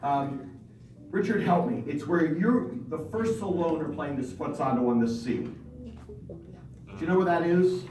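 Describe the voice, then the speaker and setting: A man leading a band rehearsal, brisk and encouraging, singing rhythms aloud between instructions. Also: a little high, a little mellow. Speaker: band conductor. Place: large rehearsal hall with a band. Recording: roomy, distant, noisy rehearsal recording.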